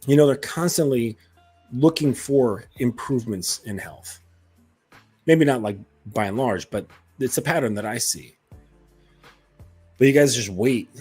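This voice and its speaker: A man in the role of a self-improvement coach talks straight at his listeners in a loose, rambling monologue, full of fillers and curse words. His voice is husky and sits at a middle pitch. Faint music plays softly behind him. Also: unhurried, pauses often. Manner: blunt and profane, lots of fillers. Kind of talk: casual monologue.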